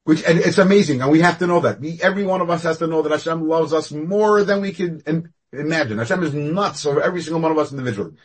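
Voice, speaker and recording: A husky man with a fairly high voice teaches an online Torah class over a video call. He speaks animatedly, jumping up in pitch and loudness, then dropping low. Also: fast, few pauses. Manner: animated, with sudden rises and falls in loudness.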